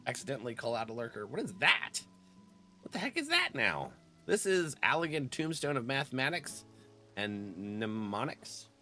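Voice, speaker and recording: A man's voice: medium pitch, very animated, normal speed, sharp tone, faint music behind. A man casually chatting with his live-stream viewers, laughing often and greeting them by name.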